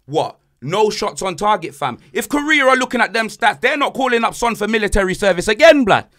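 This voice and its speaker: Brief: young lad, high bright voice, comic ranting podcast host. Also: male voice, brisk. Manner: animated, joking rants. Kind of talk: casual banter podcast.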